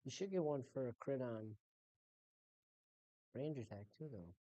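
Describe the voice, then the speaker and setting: A woman's voice: very deep voice, expressive, measured pace, mellow, no room sound. A woman running a tabletop game as game master, narrating in a casual, rambling way with swearing.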